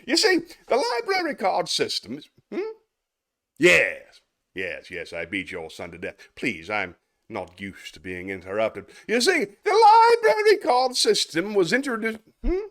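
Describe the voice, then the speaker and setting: A man's voice: high voice, wildly swooping pitch, measured pace, fairly bright tone, pitched above the performer's own voice, full character voice. A man performing a comic monologue as a pompous, callous male school headmaster with stiff, formal bluster. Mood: matter-of-fact.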